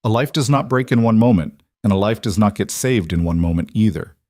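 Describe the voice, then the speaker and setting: A man reading a scripted story in a measured, calm manner. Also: on the low side, dry recording, studio quality. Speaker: narrator.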